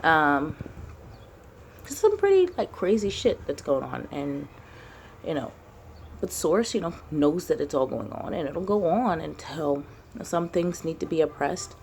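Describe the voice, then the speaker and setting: A woman with a low, gravelly voice rambles casually to camera about her spiritual path. Her talk is loose and unpolished, peppered with fillers and easy swearing, as she thinks out loud. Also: sing-song, a little slow, a little hiss or hum. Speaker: spiritual vlogger.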